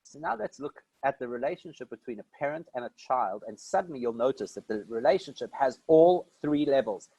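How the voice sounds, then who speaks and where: A man's voice: medium pitch, animated, brisk, warm tone, breathy edge, no echo, poor audio. A man from South Africa giving a conversational Torah lesson, posing questions and answering them himself. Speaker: rabbi teaching a class. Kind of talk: Torah lecture.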